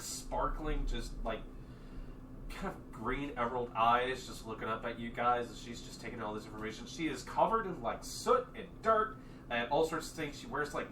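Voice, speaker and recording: A man narrating as game master, describing scenes in a loose, meandering way full of fillers. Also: medium pitch. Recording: echoey room, distant mic, noisy.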